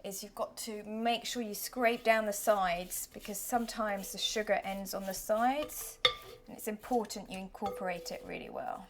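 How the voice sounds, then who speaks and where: A woman in her thirties hosting a casual cooking demonstration in a kitchen, chatty and playful, sometimes dropping to soft self-deprecating asides. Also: medium pitch, fairly even intonation, moderate pace, background noise. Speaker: cooking show host.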